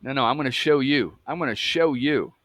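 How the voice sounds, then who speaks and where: A man's voice: mid-range voice, a little fast, fairly bright tone, no echo, lightly acted. Vengeful bitter young man, played by a man, threatening, cursing, dry room.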